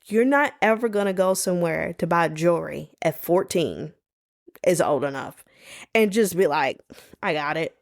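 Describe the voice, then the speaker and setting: A woman hosting a solo podcast, telling stories in a sassy, animated way. She talks casually, saying "y'all" and "baby", and puts on playful voices when she quotes people. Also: lowish voice, moderate pace, vocal fry. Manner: colloquial, says "y'all" and "baby". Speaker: podcast host.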